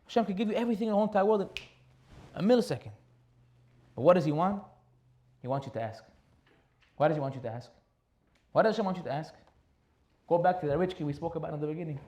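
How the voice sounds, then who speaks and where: Preaching as a rabbi, a man with a slightly high voice talks at a quick pace but pauses often. He recounts stories with animation and repeats key phrases to give them weight.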